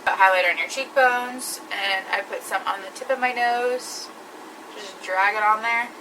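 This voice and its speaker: A woman with a bright, crisp voice explains each step of her makeup in a chatty vlog. She sounds set back from the mic, with a faint hum of the room behind her. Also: mid-range voice, normal speed, far from the mic, rough recording. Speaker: beauty vlogger. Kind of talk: makeup tutorial.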